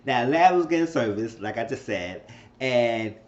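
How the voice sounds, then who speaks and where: A man reviewing a TV episode gives a chatty, animated recap, acting out quotes and jumping to high squeals when he voices the characters. He talks at a moderate pace, and the home recording sounds roomy and muffled with a little hiss or hum.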